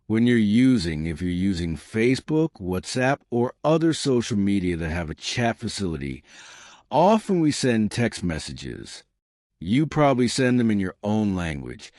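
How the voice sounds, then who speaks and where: A man's voice: lowish voice, dry recording, studio quality. A man, explaining tips for learning in a chatty manner and often checking in with "right?". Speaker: English teacher.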